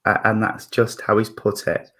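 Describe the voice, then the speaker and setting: A man working as a spiritualist medium at a church service, talking gently and hesitantly with many fillers, restarts and apologies. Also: on the low side, monotone, moderate pace.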